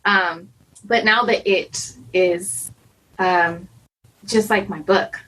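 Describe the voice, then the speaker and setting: A husky-voiced woman in her thirties talks through her worries as a podcast guest. Her speech tumbles out with fillers and restarts, self-doubting and open. The tone sits at an ordinary middle pitch. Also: steady tone, fairly bright tone, rough recording. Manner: anxious, self-doubting, fast rambling with many fillers. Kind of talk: candid conversational interview.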